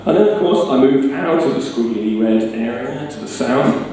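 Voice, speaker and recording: A man's voice: medium pitch, animated, normal speed, dark tone, recorded from a distance, a little hiss or hum. Wry northern man in an echoey bar. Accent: mild northern English. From Northeast England. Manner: wry, self-deprecating, hesitant fillers. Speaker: storytelling speaker. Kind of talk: personal talk to a live audience. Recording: roomy bar sound from afar.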